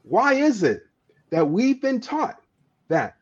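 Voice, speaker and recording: With an extremely high pitch that swoops wildly, a man speaks slowly with a breathy edge. He is an activist guest telling a passionate story in conversation, emphatic and frequently stumbling on repeated words. The audio is dull and lo-fi.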